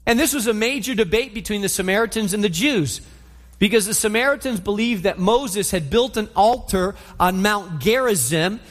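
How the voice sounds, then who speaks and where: A man with a high voice preaching a sermon. He tells the story in an animated way and acts out the scenes. His voice carries through a church hall with a long reverb. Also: normal speed.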